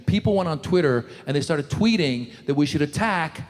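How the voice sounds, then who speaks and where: Animated stand-up comic man. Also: a little high, moderate pace. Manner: animated, jumps into shouted impressions. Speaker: stand-up comedian. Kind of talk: stand-up comedy set. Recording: live show in a large hall.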